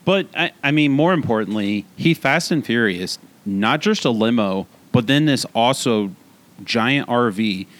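A man's voice: medium pitch, expressive, a little slow, a bit bright. A man co-hosting a podcast, rambling and incredulous in casual film chat. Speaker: podcast co-host.

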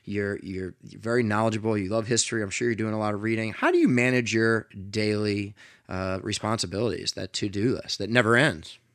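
A middle-aged man hosting an interview and telling a story in an earnest, animated way, with frequent restarts. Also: fairly low pitch, a little fast, no room sound, studio quality. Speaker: podcast host.

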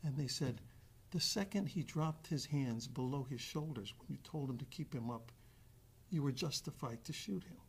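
Husky man telling a story, acting out the voices. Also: mid-range voice, expressive, normal speed. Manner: acts out quoted dialogue with restarts. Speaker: actor guest. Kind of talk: animated anecdote storytelling.

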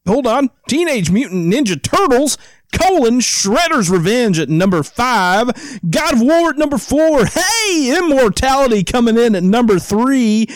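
A man's voice: sing-song, measured pace, dry recording, heavily acted. A man putting on a showy radio broadcaster voice to count down a top ten list. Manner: booming showy announcer delivery. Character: cheesy male radio countdown DJ.

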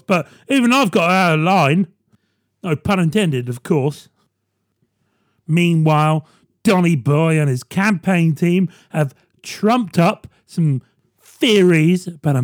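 A man hosting a podcast, delivering a sardonic comedy monologue with quick asides to the listener. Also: a little high, dry recording, studio quality. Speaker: podcast host. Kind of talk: stand-up style comedy monologue.

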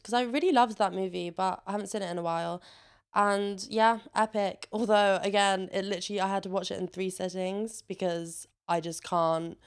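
A young woman hosting a casual solo podcast, chatty and sweary, laughing often and getting animated when she rants. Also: mid-range voice, gravelly, clean tone. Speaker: podcast host.

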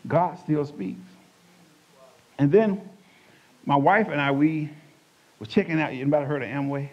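A man with a slightly high voice tells a sermon story from his own life, acting out the voices as he goes. The recording sounds dull and lo-fi. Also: unhurried. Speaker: church speaker giving testimony.

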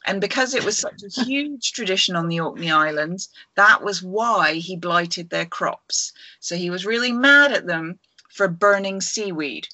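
A woman's voice: fairly low pitch, expressive, measured pace, bright, forceful tone, dry recording. A woman podcast host reading a folk tale aloud from home over a video call, with small stumbles as she goes. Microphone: computer mic on a video call.

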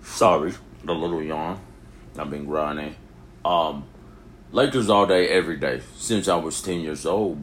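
A young man giving a rambling, casual opinion monologue, rising to near shouts and then dropping to a low mutter. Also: a little hiss or hum. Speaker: vlogger.

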